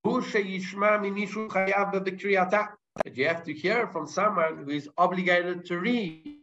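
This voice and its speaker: A man's voice: high-pitched, steady tone, moderate pace, pushed and bright, lo-fi sound. A man teaching a Talmud class, explaining step by step and weaving Hebrew terms into his English, often restarting his sentences. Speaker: Torah teacher.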